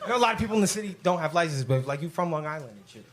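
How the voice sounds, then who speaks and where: Um comediante brash e grosseiro, com ruído forte de sala. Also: male voice, a little high, racing, heavy background noise. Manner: crude, brash, animated storytelling with voices. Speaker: stand-up comedian. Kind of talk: stand-up comedy set. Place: comedy club stage with live audience.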